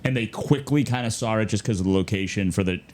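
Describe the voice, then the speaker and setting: Male podcast co-host, somewhat low voice, relaxed conversational delivery, quotes clients as he talks. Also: fast talker, slight background noise. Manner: conversational, quotes clients in lively back-and-forth. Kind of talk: casual podcast chat.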